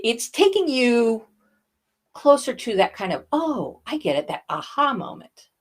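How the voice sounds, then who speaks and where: A woman voice coach teaching, expressive as she demonstrates airy and edgy tones with her own voice. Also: medium pitch. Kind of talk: instructional talk.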